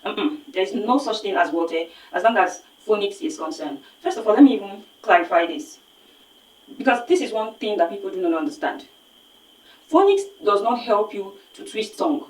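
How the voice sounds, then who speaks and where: A woman's voice: medium pitch, animated, moderate pace, far from the mic. Nigerian woman teaching pronunciation. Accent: Nigerian English. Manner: explanatory, emphatic, repeats words for modeling. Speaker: phonics teacher. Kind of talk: online pronunciation lesson. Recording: echoey room, voice set back from the mic.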